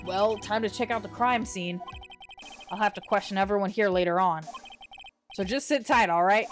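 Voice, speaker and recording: A woman doing a hearty, gruff male detective. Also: medium pitch, moderate pace, soft background music, close to an everyday voice. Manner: loud, hearty, casual. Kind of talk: playing a game's dialogue aloud.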